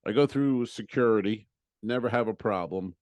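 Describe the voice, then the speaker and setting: A comedian in casual podcast talk, his voice low and recorded dry and close. He tells stories in an exasperated, profane way and acts out the people in them. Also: moderate pace, darkish tone, dry recording. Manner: profane, exasperated storytelling with acted-out quotes. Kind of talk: casual storytelling chat.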